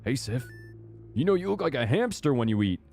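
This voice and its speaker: A man's voice: medium pitch, big pitch swings, brisk, faint music behind. A man voicing a cheerful young male fighter with a playful, teasing manner. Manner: playful, teasing, warm-hearted ribbing.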